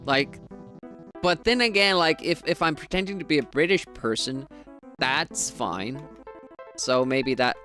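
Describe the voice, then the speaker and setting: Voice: medium pitch, lively intonation, a little slow, fairly bright tone, faint music behind. A streamer from Finland with a Finnish accent and Finnish as a first language, chatting casually with viewers on a live speedrun stream, rambling and laughing often.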